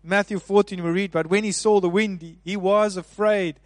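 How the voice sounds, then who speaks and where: A man preaching a sermon, swinging between soft, hushed passages and loud, emphatic ones. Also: sits high, steady tone, moderate pace, dry recording.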